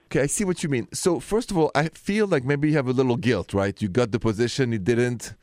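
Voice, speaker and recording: A man's voice: mid-range voice, fairly quick, a little mellow, no echo, clean studio sound. A man with a French accent hosting a call-in relationship advice radio show, playful and sing-song, dropping French greetings. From France.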